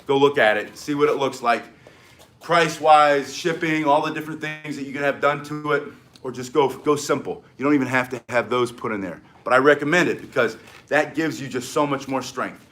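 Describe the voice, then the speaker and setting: Excitable older man teaching stick self-defense. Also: mid-range voice, a little fast. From United States. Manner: energetic, excitable, emphatic commands. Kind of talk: live-streamed martial arts lesson. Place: home in South Florida.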